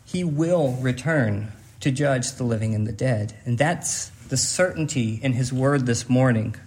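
A man's voice: medium pitch, unhurried, darkish tone. A man preaching a sermon as pastor, earnest and emphatic, repeating key phrases to drive them home.

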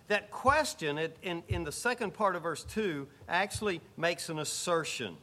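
A man preaching a sermon as pastor, emphatic, rising to exclamations and dropping to quiet asides. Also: on the high side, animated, normal speed, few pauses.

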